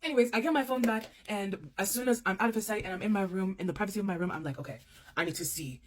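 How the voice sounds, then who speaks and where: A young woman in a casual storytime monologue, talking straight to her viewers. She is expressive and leans on repeated phrases to drive a point home, at a middle pitch. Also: rapid-fire.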